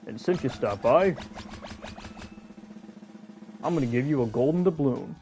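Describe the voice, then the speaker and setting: A man's voice: mid-range voice, animated, a little slow, dark tone, faint music behind, close to an everyday voice. A man voicing a jolly pirate who greets a traveler with theatrical, old-fashioned phrasing during a live gameplay stream. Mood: hearty welcoming.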